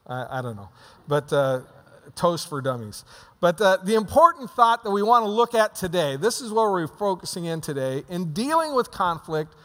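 Pastor, male, high-pitched voice, casual preaching with false starts, reverberant church hall. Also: a bit bright. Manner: conversational preaching with many restarts. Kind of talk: sermon. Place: church sanctuary.

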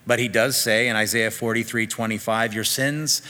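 A man preaching a sermon, reading scripture aloud with animated, rising emphasis. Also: lowish voice, normal speed, long reverb tail. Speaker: pastor.

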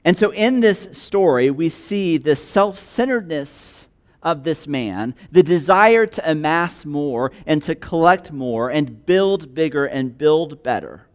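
A man's voice: animated, slow pace. A man preaching a sermon, reading a passage aloud and then explaining it in plain everyday words. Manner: reads scripture aloud, then explains it in plain conversational terms; voices the rich man's and God's words with shifting pitch and loudness. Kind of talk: sermon on a parable.

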